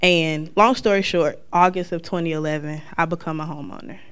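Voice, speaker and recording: Her voice low, clear, and resonant, a North Carolina woman delivers a personal testimony at a fairly quick clip, acting out the lines of the people she describes with lively flair.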